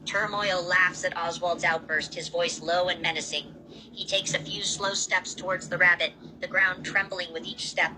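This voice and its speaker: A woman reading out an amateur fan story in a steady, plain way. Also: on the low side, moderate pace, background noise. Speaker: narrator.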